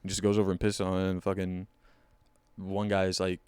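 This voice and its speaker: Male co-host, casual and rambling, low and smooth, dry close-miked sound. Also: monotone, brisk, a little mellow, no echo. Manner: rambling, swears freely, acts out quoted voices. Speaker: podcast co-host. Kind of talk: casual chat.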